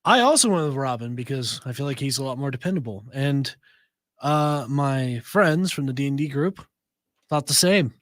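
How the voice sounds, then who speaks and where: A man's voice: mid-range voice, animated, moderate pace, a bit bright, dry recording. A man co-hosting a casual talk show, speaking in a laid-back way. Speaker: co-host. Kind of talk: casual chat.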